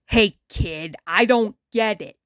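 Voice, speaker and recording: A woman voicing a gruff, bossy older male cartoon fish who is a TV star, speaking lower than her own voice. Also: slow, a bit bright, no echo, clean studio sound.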